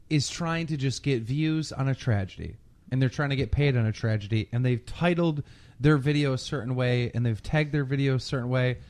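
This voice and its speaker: A man chatting casually on a podcast, telling a story with lots of swearing and loud mimicry of other people. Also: mid-range voice. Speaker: podcast guest.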